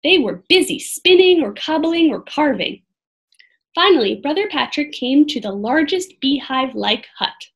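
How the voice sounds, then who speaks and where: A woman reading a storybook aloud as a lesson, expressive and stopping to ask children for predictions. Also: high-pitched, moderate pace.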